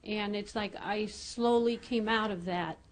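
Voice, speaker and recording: A woman from the congregation giving a personal testimony in a halting, hesitant way. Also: mid-range voice, steady tone. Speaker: congregation member.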